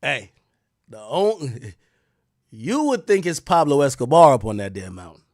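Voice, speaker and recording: A young man hosting a show, telling a story to viewers in a casual, profane and slangy way, with loud exclaims and quiet asides. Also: mid-range voice, sing-song, unhurried, no echo, studio quality. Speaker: show host.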